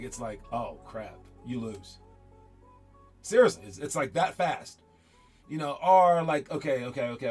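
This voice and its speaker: This basketball coach speaks with a fairly high pitch, delivering a loose, motivational pep talk. His speech wanders and doubles back on words as he imitates other people.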